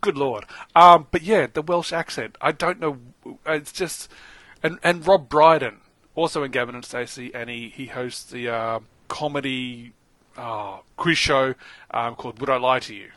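An Australian man chats on a podcast in a bright, forward voice. He is animated, laughs often and exclaims freely. The sound is close and dry. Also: medium pitch, normal speed, dry recording. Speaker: podcast co-host. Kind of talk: casual chat.

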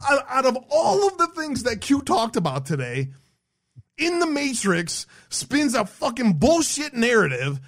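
A man's voice: very high voice, huge pitch swings, a little slow, a bit bright. A man hosting an online show, ranting with heavy swearing, blunt and rambling, often restarting his sentences. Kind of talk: heated ranting commentary.

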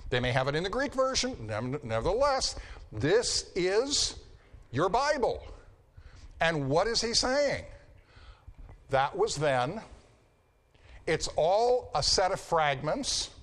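A man's voice: on the high side, very animated, takes it slowly, long pauses, a bit bright. A man lecturing a Bible class, repeating key phrases for emphasis and checking in with his students. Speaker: Bible teacher.

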